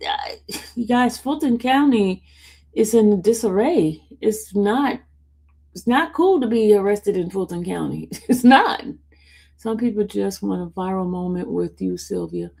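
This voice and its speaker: A woman streamer chatting casually to her viewers and her dog, animated and full of exclamations. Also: medium pitch, unhurried, vocal fry, husky. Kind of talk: casual live stream chat.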